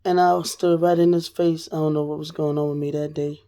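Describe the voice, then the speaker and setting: A woman vlogger telling a personal story straight to the camera, blunt and profane, her voice dropping low and then rising loud. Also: little pitch movement, fairly quick.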